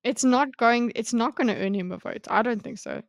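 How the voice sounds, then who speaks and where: A woman co-hosting a casual book club, reacting in an expressive, exasperated way. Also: on the high side, normal speed, creaky, no room sound, studio quality. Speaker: co-host of a book club show.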